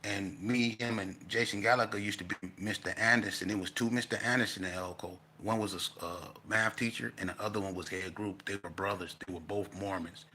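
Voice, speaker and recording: A man telling a casual storytelling monologue, animated and profane, breaking into loud outbursts. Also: lowish voice, fairly quick, hardly any pauses, a little hiss or hum. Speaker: vlogger telling stories.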